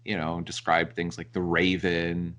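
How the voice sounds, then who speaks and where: A man with a fairly low voice muses through his ideas in a relaxed book discussion. He thinks aloud and leans often on "like" and "you know". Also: unhurried. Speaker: podcast co-host.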